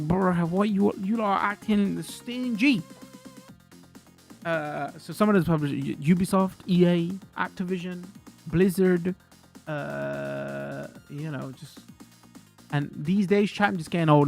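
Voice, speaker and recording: A man's voice: sits high, normal speed, vocal fry, soft background music. A man streaming games, chatting and ranting loosely to his viewers with frank swearing. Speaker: game streamer. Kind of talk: casual live-stream chat.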